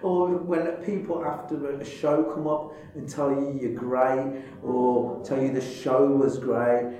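A man, telling stories in casual chat, animated and freely swearing. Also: medium pitch, slow. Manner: animated storyteller, swearing freely, acting out voices. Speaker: comedy club runner and performer. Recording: very echoey room.

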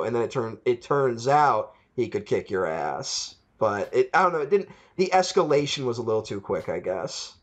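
A man with a mid-range voice and big swings in pitch chats about a movie as a podcast co-host, talking at normal speed with few pauses. He rambles, chuckles, and acts out quotes in this casual review.

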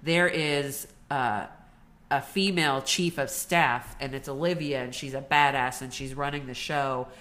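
A woman's voice: very deep voice, measured pace. A woman co-hosting a podcast, talking casually and animatedly about self-care and TV shows. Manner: chatty, animated storytelling with laughs. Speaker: podcast co-host. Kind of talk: casual chat.

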